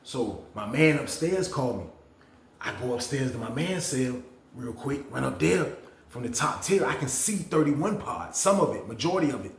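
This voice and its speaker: A man casually telling a story on his channel, slangy and animated, acting out what others said with big jumps in his voice. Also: moderate pace, creaky, echoey room. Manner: animated, slangy, acts out others' lines with big pitch swings.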